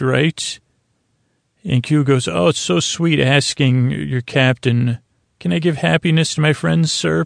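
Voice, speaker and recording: A man's voice: medium pitch, creaky, dry recording, clean studio sound. A man hosting a podcast, casually recapping a story in a rambling way and loosely quoting the characters as he goes. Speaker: podcast host.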